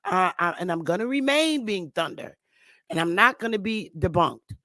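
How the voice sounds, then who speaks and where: A woman's voice: on the low side, lively intonation, moderate pace, fairly bright tone, dry recording. Emphatic middle-aged woman, dry close sound. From Connecticut, United States. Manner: emphatic, insistent, repeats her points. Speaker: online talk show host. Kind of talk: livestream monologue.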